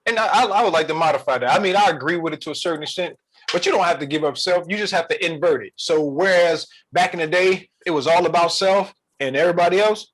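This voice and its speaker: A man co-hosting a casual relationship podcast, animated and playful, slipping into quick character voices. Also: fairly high pitch. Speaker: podcast co-host.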